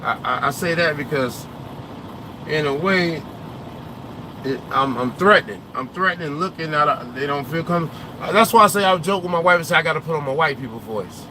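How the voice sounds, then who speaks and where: A man's voice: on the high side, lively intonation, fairly quick, background noise. A young man, a trucker vlogger, chats casually from inside his truck cab, answering viewer comments in a rambling, opinionated way and sometimes losing his train of thought.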